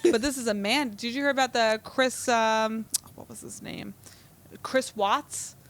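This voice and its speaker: A woman's voice: a little high, unhurried, a bit bright, slight background noise. A woman in her thirties co-hosting a podcast, telling stories with wry humor in casual chat. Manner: chatty storyteller, wry, laughs often. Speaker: podcast co-host, comedian.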